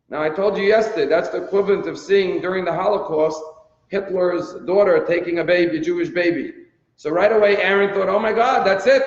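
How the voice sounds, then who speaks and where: High-voiced rabbi in an echoey hall. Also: male voice. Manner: storytelling, explaining scripture with rhetorical questions. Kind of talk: daily sermon. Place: synagogue hall. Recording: echoey hall, dull lo-fi sound.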